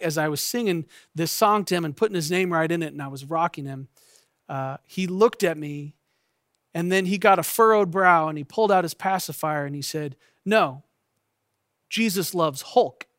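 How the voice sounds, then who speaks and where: A man in his thirties, a pastor, giving a sermon in a gentle, intimate storytelling way that often sinks to a soft hush. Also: fairly high pitch, dry recording, studio quality.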